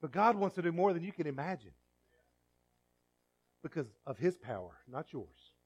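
A pastor preaching a sermon in church, swinging from quiet asides to loud, emphatic peaks. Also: male voice, on the high side, very animated, normal speed, husky, dull audio.

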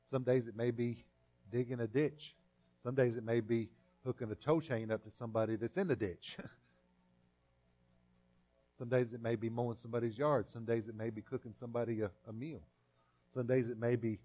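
A man's voice: medium pitch, darkish tone, slightly rough. Folksy preacher man. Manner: folksy, conversational preaching with repeated phrases and little acted scenes. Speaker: pastor. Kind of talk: sermon.

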